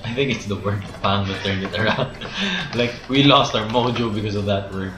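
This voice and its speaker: A man's voice: lowish voice, moderate pace, over music. A young man playing a video game and bantering with a friend, often laughing and teasing. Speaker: gamer. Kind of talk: casual gaming banter. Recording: roomy home recording.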